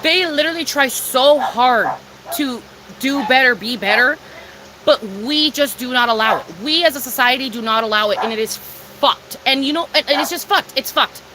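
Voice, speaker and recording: A woman's voice: high-pitched, moderate pace, background noise. A young woman talking casually from home during a livestream, emphatic and profane, answering her chat.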